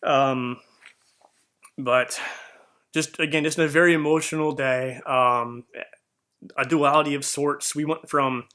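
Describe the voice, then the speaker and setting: A man's voice: fairly high pitch, bright, forceful tone. A young man telling a heartfelt personal story in an earnest, rambling way, with fillers and restarts. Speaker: vlogger.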